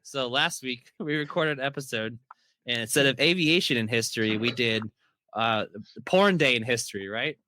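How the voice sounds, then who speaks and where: A man's voice: mid-range voice, moderate pace, sharp tone, dry recording. A man co-hosting a podcast, rambling through stories in casual chat and laughing often. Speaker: podcast co-host.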